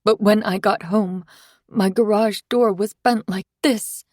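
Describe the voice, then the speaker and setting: A woman's voice: medium pitch, fairly even intonation, a little slow, a little mellow, dry recording, clean studio sound, natural voice. A woman voicing an anxious, polite woman neighbor who talks in fretful, apologetic bursts.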